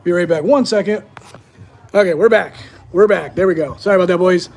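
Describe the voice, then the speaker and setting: A man's voice: high-pitched, a little fast, creaky, a little mellow, slight background noise. A young man hosting a live-streamed sports card break, chatting casually to his viewers as he opens packs.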